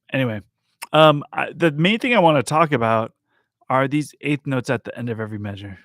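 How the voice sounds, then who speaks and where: Male music teacher, mid-pitched voice, dry close recording, relaxed and chatty, jokes at himself and counts rhythms aloud. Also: moderate pace, no echo. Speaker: music teacher transcribing a piano piece for bass. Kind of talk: casual live music lesson.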